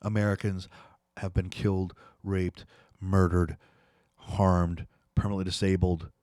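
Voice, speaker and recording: A man's voice: low-pitched, level tone, a little slow, darkish tone, dry recording, studio quality. A man hosting a political commentary, ranting angrily and repeating himself as he dares his listeners to respond. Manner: angry, ranting, repetitive, challenging viewers.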